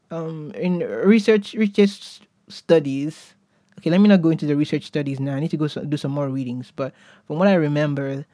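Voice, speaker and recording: A man hosts his own podcast alone, musing in a loose, casual way. He often chuckles and trails off before restarting a thought. His voice sits fairly high but sounds mellow, and the close mic is dry. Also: dry recording. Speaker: podcast host. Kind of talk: casual solo podcast monologue.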